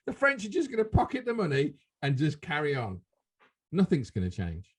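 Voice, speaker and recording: A man's voice: on the high side, wildly swooping pitch, normal speed, husky. A man with a British accent, co-hosting a casual chat, indignant and full of rhetorical questions. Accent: British English. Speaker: podcast co-host.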